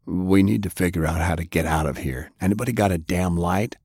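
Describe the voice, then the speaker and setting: An actor playing a gruff, battered man, speaking low and grim in an audiobook. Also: brisk, darkish tone, no echo, studio quality.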